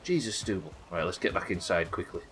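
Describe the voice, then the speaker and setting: Streamer, male, young, bright lowish voice, casual swearing, faint room ambience. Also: very animated, a little fast, slight background noise, rough recording. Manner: chatty, swears freely, thinks aloud. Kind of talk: live gameplay commentary.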